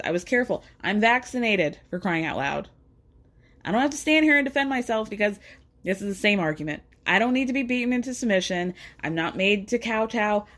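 Woman, slightly high voice, snarky recap host, quick asides and mock quotes. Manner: sassy, profane, mimics people she quotes. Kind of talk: casual recap commentary.

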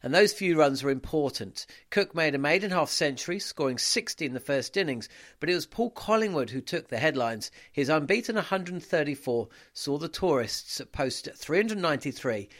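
Man narrating match highlights. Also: expressive, normal speed, fairly bright tone. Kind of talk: scripted narration.

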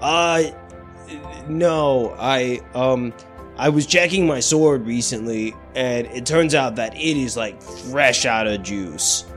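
A man's voice: mid-range voice, takes it slowly, faint music behind, close to an everyday voice. A man voicing a sheepish male adventurer who hesitates over his words, in a tabletop game.

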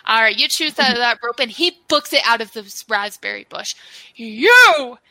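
A woman narrating as game master of a tabletop game, chatty and halting, with frequent fillers. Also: on the high side, gravelly, sharp tone, dry recording, low-quality recording.

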